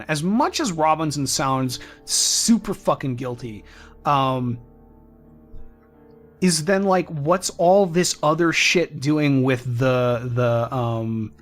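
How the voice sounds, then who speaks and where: A man co-hosting a game playthrough, thinking aloud in casual chat with halting restarts. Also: a little high. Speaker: let's play co-host. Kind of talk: casual let's play discussion.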